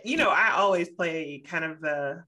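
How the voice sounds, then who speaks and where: A middle-aged woman co-hosting a casual panel discussion, making measured, reasoned points and repeating them for emphasis. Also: low voice, pushed and bright. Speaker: co-host.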